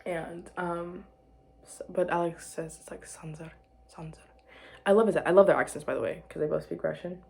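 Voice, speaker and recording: A young woman chatting to camera about her life, rambling and restarting, giggling and dropping to quiet murmurs. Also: lowish voice, fairly even intonation, brisk, gravelly. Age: young adult. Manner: rambling, self-interrupting, giggly, drops to murmurs. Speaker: vlogger. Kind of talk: casual chat to camera.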